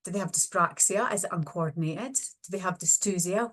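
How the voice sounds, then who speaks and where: A middle-aged woman with a somewhat low voice gives an online webinar lecture. She speaks as a speech and language therapist and explains her slides step by step. She grounds each point in practical, everyday clinical examples. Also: a little fast, a bit bright, a little hiss or hum.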